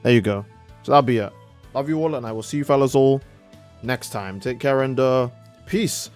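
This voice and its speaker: A young man live-streaming a game, chatting casually and reading out donations, laid-back and profane, his voice jumping high when he gets excited. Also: fairly quick, faint music behind.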